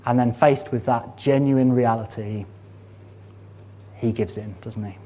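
A man preaching a sermon, earnest and emphatic, building to animated exhortation. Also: medium pitch, unhurried.

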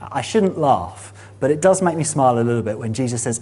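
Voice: medium pitch, lively intonation, a little fast, mellow, husky. A preacher giving a sermon in a church meeting room, earnest and building to emphatic peaks.

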